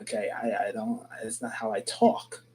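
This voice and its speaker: A man's voice: lowish voice, flat delivery, moderate pace, a little mellow, slight background noise, rough recording. A man with a nasal voice, speaking in a video clip, defensively repeating himself and asking rhetorical questions.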